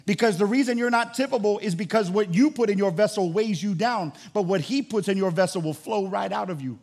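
A man with a high, gravelly voice preaches a sermon with fervor. He swings between loud, ringing calls and quiet, hushed asides. His delivery stays lively and full of conviction. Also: a little fast. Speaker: pastor.

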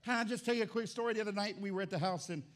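Telling a story from the pulpit, this middle-aged pastor races along in a high-pitched voice. His delivery is comic and animated, shifting between booming outbursts and hushed asides.

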